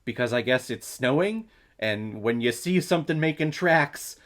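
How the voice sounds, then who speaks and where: Chatty male movie reviewer, lively and playful, casual vlog delivery. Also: mid-range voice, normal speed. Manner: jokey, chatty, with fillers.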